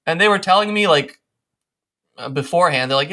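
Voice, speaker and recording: A man hosting a podcast in casual chat, telling stories in a lively, animated way with playful asides. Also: a little high, fast. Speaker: podcast host.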